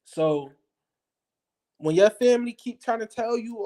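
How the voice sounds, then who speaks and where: This is a combative monologue, blunt and full of profanity, that keeps repeating its points for emphasis. The speaker talks straight at the viewer in a heated rant, at a middling pitch. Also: a little slow, long pauses, darkish tone. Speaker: political commentator.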